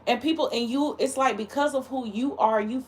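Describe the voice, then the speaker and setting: A woman's voice: high-pitched, a little fast. A woman hosting a livestream, talking casually in a blunt, heated and emphatic way. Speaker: livestream host.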